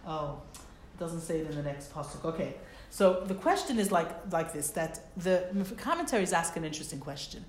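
This woman, a Torah teacher, speaks in a low voice at a fairly quick pace during a relaxed explanatory lesson. She is expressive and conversational and throws in rhetorical questions. Her voice echoes in the room, with a little noise in the background.

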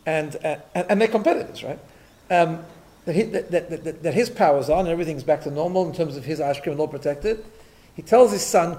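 A man's voice: on the high side, a little mellow. A middle-aged man teaching a Torah class in a conversational style, telling stories and dropping Yiddish and Hebrew terms, often checking in with "right?".

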